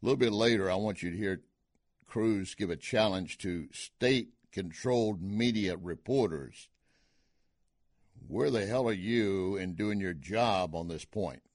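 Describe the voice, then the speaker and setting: A man's voice: low voice, unhurried, darkish tone, dry recording, studio quality. A man hosting a political talk radio show, folksy and sarcastic, scoffing at his opponents.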